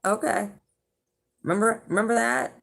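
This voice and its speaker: A woman's voice: mid-range voice, expressive, moderate pace, creaky, a bit bright. A woman telling a casual, rambling story straight to her viewers, swearing and chuckling as she goes. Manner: chatty and rambling, with swearing and laughter. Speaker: channel host, intuitive reader.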